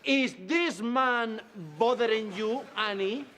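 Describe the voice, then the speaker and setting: Cocky Argentinian charmer. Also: male voice, very high-pitched, slow, fairly bright tone, a little hiss or hum, heavily acted. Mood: playful. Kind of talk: scripted sitcom acting for learners.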